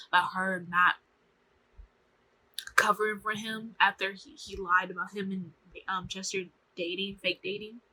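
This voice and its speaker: Young woman, casual show recap vlog, bright tone, slightly husky, chatty and slangy. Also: mid-range voice, poor audio. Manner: chatty, slangy, animated, acts out quotes. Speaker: vlogger reviewing a TV show. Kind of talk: casual commentary to camera.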